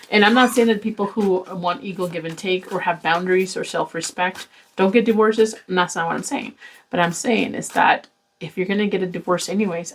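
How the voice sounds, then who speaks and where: A woman with a mid-pitched voice doing a casual tarot reading. She talks bluntly and with open exasperation, swearing freely and lecturing her viewers. A faint hiss and some clicks sit under her voice. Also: rough recording. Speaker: tarot reader.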